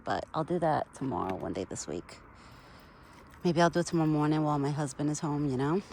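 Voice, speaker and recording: A woman's voice: deep voice, brisk, darkish tone, slight background noise. A woman vlogging outdoors while feeding a deer, chatty and bubbly, laughing often and a little out of breath. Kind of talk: casual outdoor vlog. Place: outdoors in a yard.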